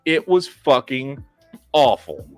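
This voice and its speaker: A man's voice: mid-range voice, sing-song, slow pace, no room sound, faint music behind. Podcast host, man, blunt and swearing ranter, dry close mic. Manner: blunt, profane, ranting. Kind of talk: casual podcast chat.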